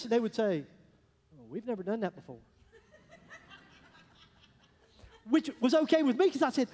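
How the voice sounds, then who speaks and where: A high-pitched man preaches to his congregation in a folksy, storytelling way. His voice rings through a big hall with a long reverb tail, swinging from loud bursts to hushed asides. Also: animated, fairly quick, pauses often. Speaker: pastor. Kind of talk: sermon.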